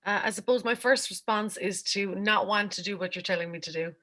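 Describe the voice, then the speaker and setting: A woman's voice: medium pitch, a little fast, pushed and bright. A woman taking part in a workshop, speaking reflectively and a little hesitantly. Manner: reflective, thoughtful, a bit hesitant. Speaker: workshop participant.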